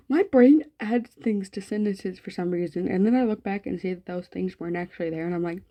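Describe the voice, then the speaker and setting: A woman's voice: medium pitch, fairly quick, few pauses, dark tone. A woman hosting a gaming channel, reading a visual novel aloud in a casual, chatty way, with slangy, swearing asides.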